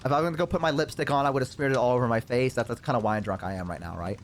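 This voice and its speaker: A man's voice: mid-range voice, racing, a little hiss or hum. A man streamer telling a story in a casual way, rambling with lots of fillers and some swearing.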